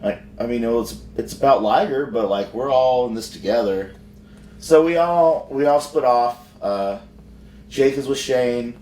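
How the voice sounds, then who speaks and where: A male wrestler tells a rambling, profane backstage story in casual podcast talk. His voice sits at an ordinary pitch. The room is echoey and the mic sits a fair way off. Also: unhurried, warm tone, slight background noise. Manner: rambling, profane, frequent restarts. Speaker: professional wrestler. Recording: roomy sound from far off.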